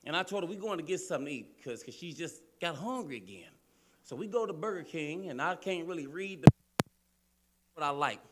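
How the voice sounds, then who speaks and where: A man from Cleveland doing a loud, profane, animated stand-up routine on a comedy club stage. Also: fairly high pitch, a little fast, noisy background. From Cleveland, Ohio, US.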